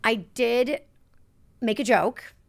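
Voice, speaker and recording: Rambling, animated woman podcast co-host. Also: fairly high pitch, slow, gravelly. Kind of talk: casual chat.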